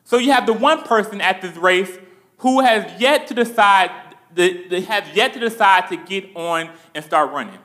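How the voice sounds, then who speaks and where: A man's voice: sits high, moderate pace, pushed and bright. A young man preaching a sermon, earnest and repetitive, speaking directly to the congregation with frequent restarts.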